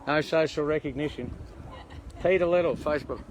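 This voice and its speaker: An Australian man with a slightly high voice chats loosely to his online viewers as he walks a city street. He rambles and throws in joking asides. Clear traffic noise from the street runs under the handheld recording. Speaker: livestreamer at a protest. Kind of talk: casual live stream chat. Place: outdoors on an urban street. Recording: noisy outdoor street recording.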